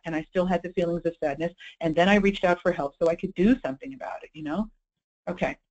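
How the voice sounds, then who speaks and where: This woman, a clinical presenter, gives a webinar talk in a lowish, slightly mellow voice, keeping things conversational and often checking in with "okay?" and "you know." The recording is rough.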